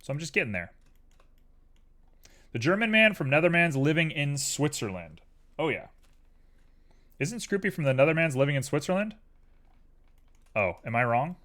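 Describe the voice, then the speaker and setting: A man's voice: a little high, very animated, normal speed, pauses often, fairly bright tone. Drowsy rambling male streamer. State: tired. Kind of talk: casual live-stream chat while 3D modeling.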